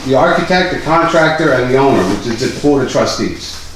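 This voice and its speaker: A man's voice: mid-range voice, expressive, brisk, a little hiss or hum. A man on a library board arguing combatively at a heated meeting, often interrupting and sarcastic. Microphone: distant camera. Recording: echoey room from a camera.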